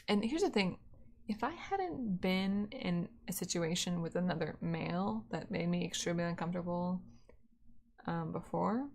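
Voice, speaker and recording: Young woman streamer with a creaky, gravelly voice, rambling and profane, casual live storytelling. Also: on the low side, lively intonation, moderate pace, a little mellow. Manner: profane, rambling, filler-heavy.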